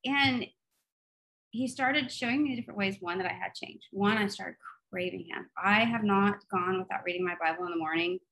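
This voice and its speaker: Female podcast co-host, animated storyteller, earnest in prayer. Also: mid-range voice, normal speed, rough recording. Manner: animated storytelling, laughs often, turns soft and earnest in prayer. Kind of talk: faith podcast chat and prayer.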